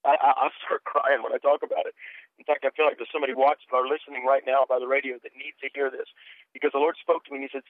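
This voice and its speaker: A man's voice: mid-range voice, little pitch movement, quick pace, no echo. Middle-aged guy telling his story earnest over a thin phone line, dry, stammery restarts. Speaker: guest minister and author. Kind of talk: testimony in a radio interview.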